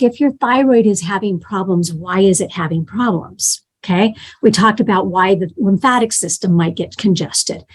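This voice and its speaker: A woman's voice: medium pitch, husky. Woman teaching a casual health class. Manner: conversational, tells patient stories, acts out quotes.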